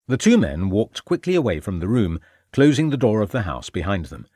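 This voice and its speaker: Male audiobook narrator, low pitch, animated delivery, dry close studio sound, measured formal storytelling. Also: slightly rough, no room sound. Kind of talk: scripted narration.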